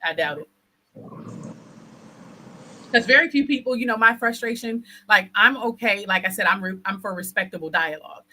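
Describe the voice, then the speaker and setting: A woman interviewer talking in a casual conversation, blunt and assertive, making her points deliberately. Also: mid-range voice, bright, forceful tone, rough recording.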